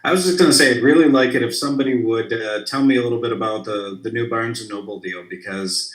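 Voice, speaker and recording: A man's voice: mid-range voice, quick pace, reverberant, poor audio. A man, a newer author, chatting casually and teasing the others. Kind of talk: casual chat.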